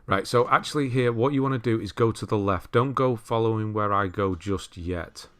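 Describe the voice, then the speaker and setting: A man giving relaxed, chatty commentary over a game walkthrough, laughing at himself and correcting his own words. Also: lowish voice, moderate pace, clear, resonant tone. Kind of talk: casual gameplay commentary.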